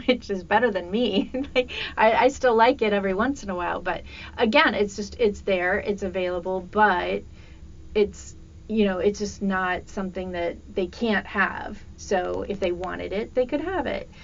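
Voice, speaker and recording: A woman's voice: medium pitch, moderate pace. A middle-aged woman hosting a casual conversation, chatty, laughing easily and asking questions. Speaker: podcast host. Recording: dull lo-fi audio with faint noise.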